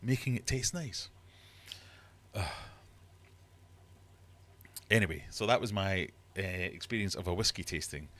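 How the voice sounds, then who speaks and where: A man with a very low, deep voice chats casually on a livestream. He tells his stories animatedly and keeps breaking into exasperated outbursts. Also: lively intonation, unhurried, long pauses, a bit bright. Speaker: livestream host. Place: home fish room.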